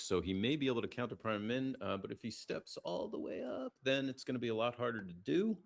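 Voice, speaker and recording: This man provides live backgammon commentary as a play-by-play caller, his voice low and gravelly. Between moves he casually reads out viewer shout-outs, keeping quiet so the players close by won't hear him.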